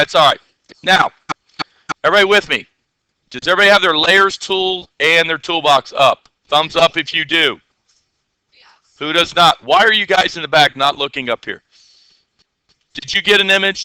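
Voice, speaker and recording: A man teaching a classroom software lesson, chatty and playful, often checking the class with questions. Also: on the high side, normal speed, long pauses, clean tone, no room sound.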